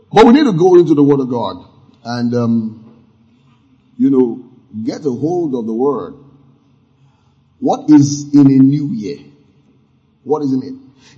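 A man's voice: mid-range voice, mellow. A man preaching a sermon as pastor, emphatic, with asides and acted-out sound effects. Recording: muffled lo-fi sermon audio.

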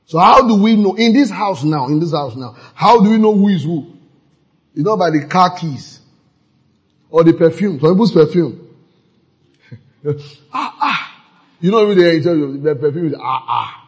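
A man preaching a sermon, lively and playful, acting out church members in mocking voices. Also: fairly high pitch, normal speed, long pauses, muffled recording. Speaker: pastor.

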